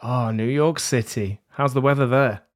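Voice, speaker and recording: A man's voice: medium pitch, moderate pace. Joking man hosting a podcast. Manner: jokey, rambling, self-deprecating. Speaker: podcast host. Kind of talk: casual panel chat. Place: London.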